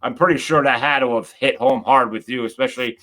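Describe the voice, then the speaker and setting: A man hosting a casual podcast, talking in a halting, reflective way with many restarts. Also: mid-range voice, fairly even intonation, sharp tone. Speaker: podcast host.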